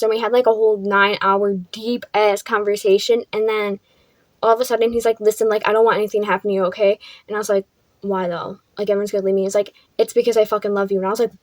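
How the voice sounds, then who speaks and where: A woman's voice: mid-range voice, fairly even intonation, fast talker, a little mellow, dry recording. A young woman vlogger telling a casual storytime, chatty, filling her talk with "like" and swearing freely.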